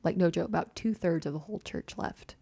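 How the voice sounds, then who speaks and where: A woman's voice: lowish voice, a little fast, creaky, mellow, husky, dry recording. A young woman telling a personal story in casual chat, full of "like" and little laughs. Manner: chatty, heavy use of "like", laughs often.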